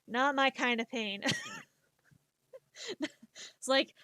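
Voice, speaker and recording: A woman's voice: high-pitched, drawn-out words, no echo. A woman streamer chatting casually while drawing, rambling and candid, with stammered restarts. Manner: self-mocking, animated when acting out inner dialogue.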